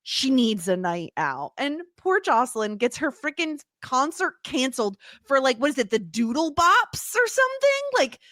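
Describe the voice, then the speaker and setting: A woman's voice: high-pitched, moderate pace, hardly any pauses, no echo, clean studio sound. A woman from the United States co-hosting a podcast in casual chat, laughing often. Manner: chatty, laughing, lively asides. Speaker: podcast co-host.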